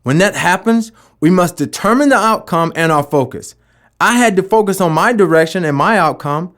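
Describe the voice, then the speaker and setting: A man's voice: high-pitched, expressive, moderate pace, a bit bright. A man giving a motivational talk about never giving up, with emphatic delivery and rhetorical questions. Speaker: motivational speaker.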